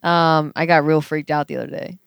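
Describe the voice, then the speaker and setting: A young-sounding woman, telling a story as a podcast guest, animated and laughing often. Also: fairly quick, vocal fry, smooth, dry recording, clean studio sound. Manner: animated, laughing, quotes herself in a higher voice. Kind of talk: casual storytelling.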